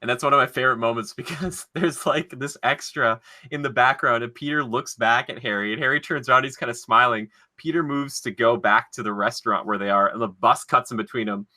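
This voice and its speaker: A young man hosting a podcast, chatting casually and running a movie quote quiz, animated and quick to laugh as he acts out lines. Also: medium pitch. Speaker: podcast host.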